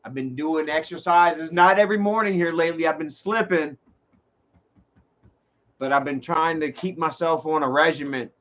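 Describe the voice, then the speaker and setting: A man's voice: on the high side, moderate pace. Profane, rambling man. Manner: rambling, profane, animated storytelling. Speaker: livestream host. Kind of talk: casual storytelling on a livestream. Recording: dull lo-fi stream audio.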